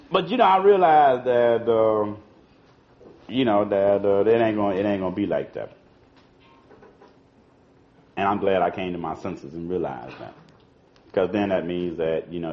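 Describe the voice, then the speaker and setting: A man's voice: sits low, a little hiss or hum. A man giving an informal political talk to an audience, talking in a loose conversational way, repeating words and saying "you know" and "see" often. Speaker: speaker addressing an audience. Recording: dull lo-fi archival recording.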